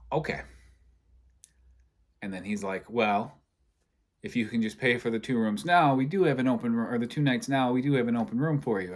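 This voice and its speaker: A young man from Michigan spins a casual yarn, his voice sitting a little low. He bounces between his own lines and everyone else's, switching voices as he goes. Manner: animated, acts out both sides of conversations. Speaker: storyteller. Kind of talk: casual storytelling.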